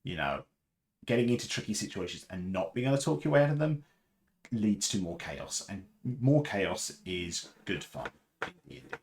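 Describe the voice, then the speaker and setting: A man's voice: fairly low pitch, sing-song, normal speed, a little mellow. A man hosting a casual livestream chat, rambling and chatty with fillers and laughs. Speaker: livestream host.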